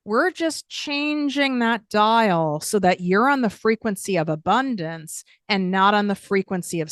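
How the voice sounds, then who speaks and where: A woman's voice: on the low side, a bit bright, clean tone, dry recording, clean studio sound. A woman in her thirties hosting a podcast, talking candidly in a casual monologue and swearing freely as she tells stories. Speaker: podcast host.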